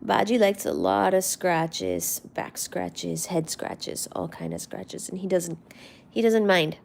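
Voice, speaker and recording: A woman hosting a casual live stream, chatting affectionately about her cats in a soft, rambling way that often drops to a near-whisper. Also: fairly low pitch, lively intonation, takes it slowly, creaky, slight background noise. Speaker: livestream host.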